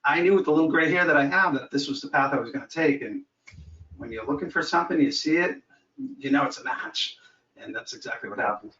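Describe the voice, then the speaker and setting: A man's voice: on the high side, fast, sharp tone. Chatty man on an echoey, distant line. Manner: chatty, self-deprecating, storytelling. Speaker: caller, new coaching client. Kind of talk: casual conversation. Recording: echoey, dull sound from a distant mic.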